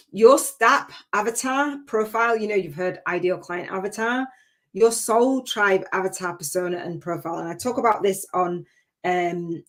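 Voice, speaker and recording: Brief: woman, spiritual business coach hosting a live masterclass. Energetic, emphatic, rambles freely, mid pitch. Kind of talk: live-stream masterclass teaching.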